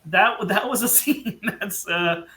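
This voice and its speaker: A man's voice: high voice, takes it slowly, pushed and bright, reverberant. A man who is a guest in a casual podcast discussion, speaking hesitantly with many false starts.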